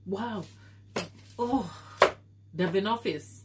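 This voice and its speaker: A woman's voice: mid-range voice, very slow, heavy background noise. A woman with a stuffy nose hosting a live baking stream from her kitchen, chatting casually with viewers and laughing often. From Africa. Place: home kitchen.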